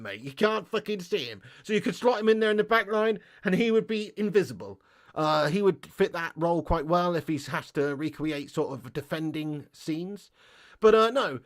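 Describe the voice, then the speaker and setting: A young man hosts a football fan live stream, chatting casually in a slightly higher voice than most men. He is banterous and sweary and chuckles between points. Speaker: fan channel host.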